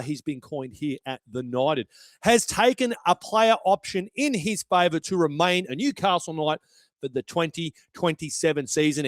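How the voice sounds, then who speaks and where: A man's voice: a little high, dry recording. A young Australian man hosting a sports podcast in a brash, chatty way, swearing freely. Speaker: podcast host. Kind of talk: casual podcast commentary.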